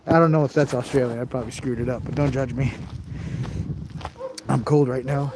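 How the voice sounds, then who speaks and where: A man's voice: mid-range voice, steady tone, fairly quick, long pauses, noisy background. A man hosting a live stream outdoors on a cold night, joking with viewers while sniffly and coughing from the cold, talking into a handheld camera. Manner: chatty, jokey, talks straight to viewers. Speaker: live-streaming ghost-hunting host. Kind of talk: casual live-stream chat.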